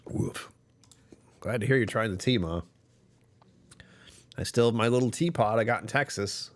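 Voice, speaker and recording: A man hosting a casual livestream, rambling and self-deprecating as he chats with viewers and chuckles often. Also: normal speed. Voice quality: deep voice that sometimes drops even lower. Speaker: live streamer hosting his channel.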